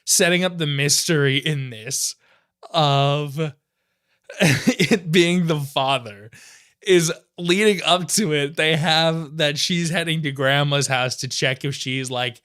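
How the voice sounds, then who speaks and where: A man co-hosting a podcast, excitedly retelling a movie in casual chat, laughing often. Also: on the high side, slow. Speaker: podcast co-host. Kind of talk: casual film review chat.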